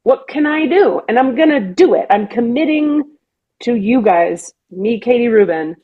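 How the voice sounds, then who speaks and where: A woman hosting a podcast, talking earnestly and with feeling in casual chat, sometimes slowing down to stress a point. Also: on the high side, animated, narrow, tinny audio. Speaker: podcast host.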